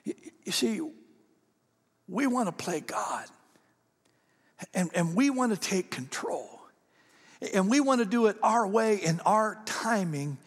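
A man's voice: high-pitched, sing-song, takes it slowly, long pauses, breathy edge. A man preaching a sermon as pastor, in a conversational style that often repeats words. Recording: long reverb of a large hall.

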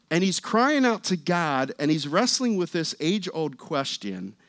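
A man preaching a sermon in a church, talking conversationally and getting louder and more animated as he reads scripture. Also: medium pitch, no room sound. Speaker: pastor.

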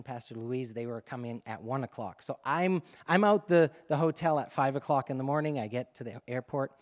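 A male pastor telling a lively story to his congregation during a sermon, in a conversational, animated way. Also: fairly high pitch, long reverb tail. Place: church sanctuary.

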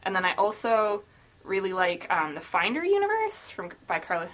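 A woman's voice: mid-range voice, very animated, normal speed, a bit bright. Bubbly woman chatting on a podcast. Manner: bubbly, many fillers, giggly. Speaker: podcast co-host. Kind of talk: casual book podcast chat.

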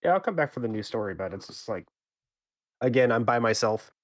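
A man's voice: mid-range voice, animated, brisk. A man co-hosting a gaming podcast, teasing his friends in a dry, casual way and swearing freely. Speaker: podcast co-host.

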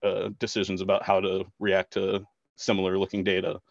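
A man co-hosting a podcast in casual chat, speaking in a thoughtful, halting way with many fillers, over muffled call audio. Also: low voice, monotone, creaky. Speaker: podcast co-host.

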